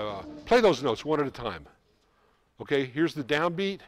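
Brisk male band clinician. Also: a little high, sing-song. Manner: brisk, sings rhythms to demonstrate. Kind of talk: rehearsal coaching. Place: school band room. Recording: music in the background. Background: band playing.

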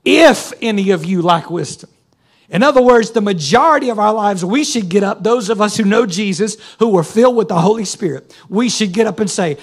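A man's voice: high voice, expressive, fairly quick. A man preaching a sermon, folksy and calling on the congregation to answer. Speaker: pastor. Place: church sanctuary.

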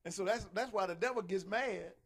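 A male pastor preaching a sermon, folksy and animated, acting out the voices he quotes. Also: sits high, fairly quick, gravelly, breathy edge.

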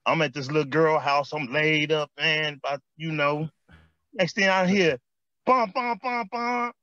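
A former basketball player with a Chicago accent tells stories unhurriedly in a slightly high voice during an interview. Animated and street-style, he repeats phrases and keeps saying "man." The recording is dry and lo-fi.

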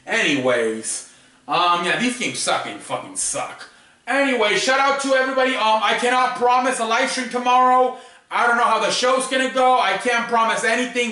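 A man's voice: high voice, bright, forceful tone. A young man hosting a sports show alone, rambling loosely and cursing freely through his casual picks. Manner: profane, rambling, loose and joking. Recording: very echoey room, distant mic.

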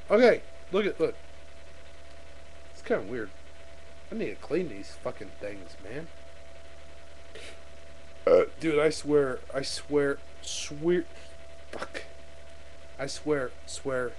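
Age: adult. Sex: male. Style: rambling webcam vlog, full of swearing. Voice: slightly high and slow. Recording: webcam mic with a faint hum. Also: lively intonation, low-quality recording. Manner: rambling, swearing, self-mocking. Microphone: webcam microphone.

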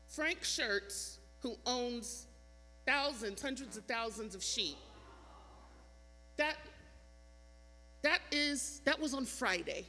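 A woman pastor preaching a sermon, emphatic and repetitive, with dramatic pauses. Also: high voice, sharp tone. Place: church sanctuary. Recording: church hall reverb, mains hum.

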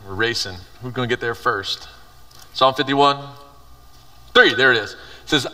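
Bright-voiced youth pastor in a big hall. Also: male voice, mid-range voice, normal speed, recorded from a distance. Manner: conversational, reads scripture aloud and paraphrases it. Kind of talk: youth sermon. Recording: reverberant hall, voice from afar.

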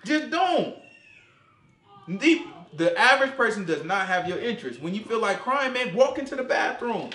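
A man preaching an informal sermon in slangy, animated talk, acting out voices as he goes. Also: high-pitched, moderate pace. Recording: echoey room.

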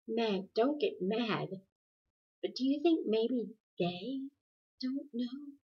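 A woman voicing a kind teenage boy who speaks softly and gently, in a dull lo-fi recording. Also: a little high, expressive, slow pace, slightly rough, exaggerated voice. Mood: gentle. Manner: soft and gentle.

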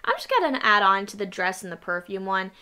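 A woman's voice: mid-range voice, big pitch swings, brisk, bright, forceful tone, smooth. A woman hosting a casual reaction video, chatting playfully and adding asides. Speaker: channel host reacting to a video.

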